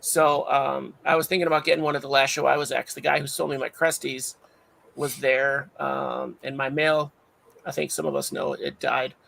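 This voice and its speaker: A man's voice: mid-range voice, flat delivery, moderate pace, bright, forceful tone, low-quality recording. A man hosting a livestream, chatting casually and rambling with many fillers. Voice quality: gravelly, raspy voice. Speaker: livestream host. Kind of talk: casual chat.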